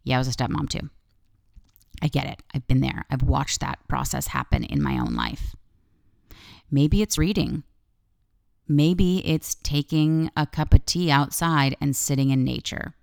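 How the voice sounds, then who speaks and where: A woman with a low, slightly gravelly voice hosts her own podcast in a loose, candid monologue. She swears freely and wanders into side tangents before coming back to her point. Her voice sounds smooth and dry. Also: sing-song, unhurried, darkish tone, no room sound. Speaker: podcast host. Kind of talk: casual solo podcast monologue.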